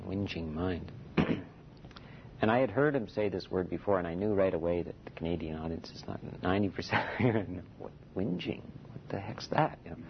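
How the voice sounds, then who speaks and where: A man teaching a meditation retreat in a relaxed, conversational dharma talk, often saying "you know" and chuckling softly. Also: creaky. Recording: dull lo-fi recording with faint rumble.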